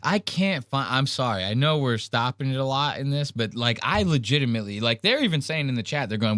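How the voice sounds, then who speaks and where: A man's voice: medium pitch, animated, fairly quick, few pauses, a bit bright, dry recording, clean studio sound, some chatter behind. A man hosting a podcast, reacting to clips in a casual, incredulous, rambling way, quoting the chat and mimicking people. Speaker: podcast host.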